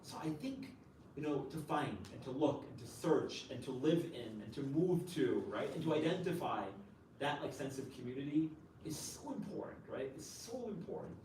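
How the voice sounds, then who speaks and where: A male chaplain speaks at a campus event, picked up from some distance in an echoing room. His voice sits at an ordinary middle pitch. He talks conversationally, dotting his answers with "right?" and "you know". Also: animated, normal speed, darkish tone. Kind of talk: answering an audience question at a campus talk. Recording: roomy, distant, faint noise.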